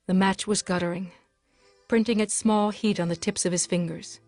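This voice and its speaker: A woman's voice: medium pitch, fairly even intonation, moderate pace, darkish tone, no room sound, faint music behind. Woman narrating a dramatic audiobook.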